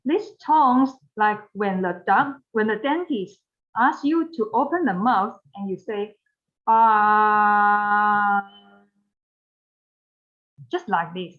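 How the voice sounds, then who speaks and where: A woman's voice: on the high side, lively intonation, measured pace. A woman with Mandarin as her first language, teaching pronunciation in a recorded online lesson, patient and repeating each phrase. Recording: dull lo-fi recording.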